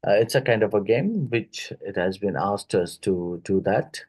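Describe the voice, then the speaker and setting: His voice on the low side and darkish in tone yet animated, a man with an Indian English accent teaches exam-prep phonetics. He talks haltingly with many fillers and repeats words slowly to model them, in a slightly rough, low-quality recording.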